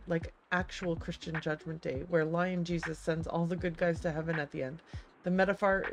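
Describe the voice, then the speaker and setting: A woman's voice: lowish voice, a little hiss or hum. A woman streamer playing a game, chatty and hesitant as she thinks aloud and reads game text. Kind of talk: let's-play commentary and reading game text.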